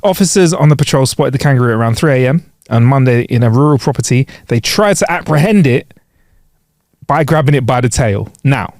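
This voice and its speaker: A man's voice: mid-range voice, lively intonation, a little fast, a little mellow, no room sound, clean studio sound. A man co-hosting a casual comedy podcast. He reads out odd news stories and jokes his way through them in a rambling way. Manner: jokey, rambling, laughs while reading. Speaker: podcast co-host.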